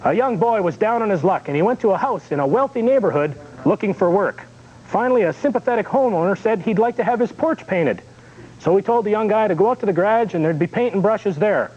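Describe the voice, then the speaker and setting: A man's voice: sits high, fairly quick. A man hosting a TV show, reading out viewer jokes and local announcements in a chatty, jokey way. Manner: chatty, jokey, animated delivery. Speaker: kids' TV show host. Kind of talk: on-air joke reading and announcements. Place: TV studio. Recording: dull lo-fi 1980s VHS TV recording with faint hiss.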